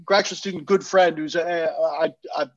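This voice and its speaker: A man from New England with a fairly high voice, musing aloud on a podcast. He hedges and restarts often as he thinks. The recording is dry and slightly muffled. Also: steady tone, normal speed, no room sound. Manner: thoughtful, hedging, with many restarts. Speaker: podcast co-host. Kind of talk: casual discussion.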